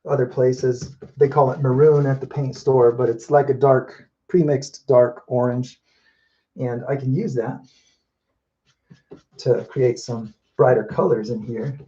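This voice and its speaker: A man's voice: mid-range voice, fairly even intonation, measured pace, mellow, dull audio. A man chatting casually as he paints live, thinking aloud and correcting himself as he goes. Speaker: mural painter.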